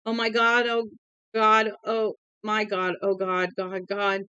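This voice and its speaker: A man's voice: high-pitched, fairly even intonation, slow, pushed and bright, smooth, no echo, highs cut off, exaggerated voice. A woman voicing a desperate male prisoner who screams frantically, in an audiobook reading. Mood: agonized.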